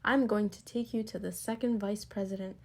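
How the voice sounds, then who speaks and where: A woman's voice: medium pitch, fairly even intonation, a little fast, lightly acted. A woman doing a stern, mad storybook executive. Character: mad male third vice president.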